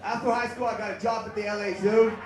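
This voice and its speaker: A man from Los Angeles works a bar crowd with a live stand-up set, his voice pitched unusually high for a man. His delivery is punchy and profane, and he shouts the bursts that land his jokes. The room rings with echo, and the audience laughs loudly around him. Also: little pitch movement, quick pace. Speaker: stand-up comedian and host.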